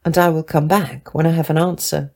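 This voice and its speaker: A woman voicing a huge, greedy male dragon who growls in a deep voice in a read-aloud storybook. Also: fairly even intonation, fairly quick, warm tone. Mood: growling.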